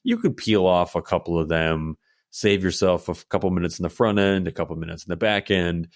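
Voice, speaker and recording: A deep-voiced man co-hosts a casual film podcast, recorded dry and close with no room sound. He picks apart a movie's pacing in a measured, thinking-aloud way, often restarting his words. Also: no echo. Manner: measured, analytical, repeats words while thinking. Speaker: podcast co-host. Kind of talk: casual film review chat.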